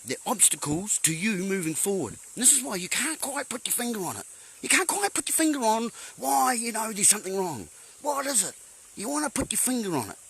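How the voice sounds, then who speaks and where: A man's voice: high-pitched, big pitch swings, fairly quick, vocal fry, a bit bright, breathy edge, poor audio. A man hosting a live stream, talking in a rambling monologue full of playful puns, rhetorical questions and sudden exclamations.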